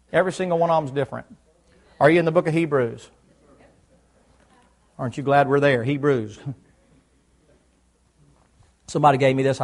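Preacher guy, pretty high voice, chatty sermon, keeps asking the church questions. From United States South. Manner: folksy, preachy, quizzing the crowd. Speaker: pastor.

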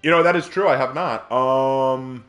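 Man, from South Carolina, streamer host, rambling, jokey, live-stream chat, average pitch. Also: measured pace, fairly bright tone, soft background music. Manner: rambling, jokey, goofy asides. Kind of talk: joking live-stream chat while gaming.

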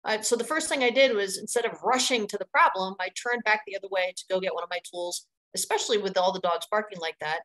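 A middle-aged woman leads an online training session in an energetic, conversational way. She sounds chatty and emphatic, doubling words to drive her points home. Her voice sits at a mid pitch. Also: fast talker, few pauses, rough recording. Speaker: dog playgroup trainer presenting a webinar. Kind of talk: instructional webinar talk.

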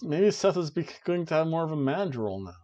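A man co-hosting a podcast, casually recapping a wrestling show in an excited play-by-play way with jokey asides. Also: fairly high pitch, quick pace, lo-fi sound. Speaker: podcast co-host.

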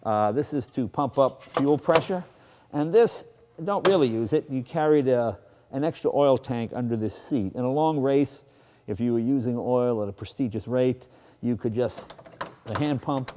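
A man's voice: mid-range voice, a little mellow. A man with a Boston accent, host of a car show, casually and enthusiastically walking through a classic car in a garage. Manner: enthusiastic, chatty, self-deprecating. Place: garage, then outdoors.

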